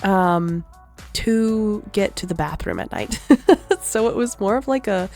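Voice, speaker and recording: Brief: young woman, casual gameplay voice-over, rambling and laughing, mid pitch, soft music behind. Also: unhurried. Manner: chatty, rambling, laughs often. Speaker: gaming vlogger.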